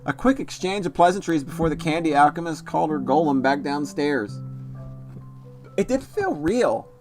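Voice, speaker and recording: A man reading a visual novel aloud, voicing a gentle, anxious lover who narrates their own thoughts softly. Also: fairly high pitch, animated, moderate pace, close to an everyday voice. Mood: reflective. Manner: soft, reflective first-person narration. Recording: music playing behind the voice.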